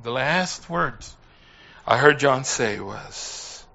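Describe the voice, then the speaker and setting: A man preaching a sermon, telling a story in an impassioned, pleading way that swings from hushed telling to shouting. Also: mid-range voice, expressive, very slow, dull audio.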